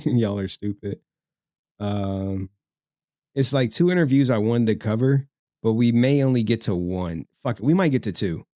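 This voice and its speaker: A man's voice: fairly low pitch, normal speed, pauses often, warm tone, dry recording, clean studio sound. A man hosting a casual livestream, talking to his chat in a slangy, profane way and laughing often. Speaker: streamer host.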